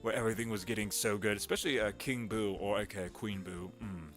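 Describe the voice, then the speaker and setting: A man, a voice actor, chatting casually on a home livestream with a gravelly vocal fry, giggling and wandering between topics. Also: lowish voice, fairly even intonation, fast, soft background music. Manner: chatty, giggly, drifts into voice demos. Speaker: voice actor streaming.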